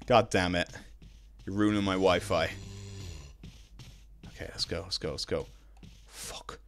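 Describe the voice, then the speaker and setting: Swearing gamer, deep voice. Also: male voice, a little slow, long pauses. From Ireland. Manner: swears a lot, bursts into loud excited shouts. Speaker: streamer. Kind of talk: live gaming commentary.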